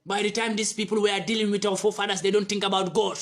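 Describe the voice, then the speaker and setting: A man's voice: high-pitched, level tone, fast, fairly bright tone. A man delivering an impassioned, repetitive monologue as an activist commentator, from West Africa. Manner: fiery, repetitive, preaching.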